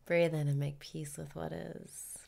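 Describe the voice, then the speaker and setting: A woman guiding a mock meditation in a low, unhurried voice, gravelly with vocal fry. She speaks softly and calmly and often slips into a whisper. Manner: soft, slow, calm, drifting into whispers. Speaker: meditation guide. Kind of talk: guided meditation parody.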